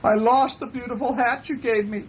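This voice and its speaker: A father reading aloud, voicing an eager, excited little male bear in a bedtime picture book with high excited calls. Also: moderate pace, a little hiss or hum, poor audio.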